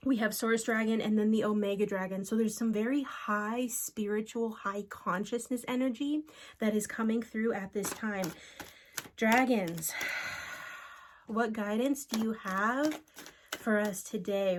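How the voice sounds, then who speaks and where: A woman giving a solo spiritual card reading, speaking in an earnest, unhurried way and calling out to unseen spirits. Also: on the high side, slight background noise.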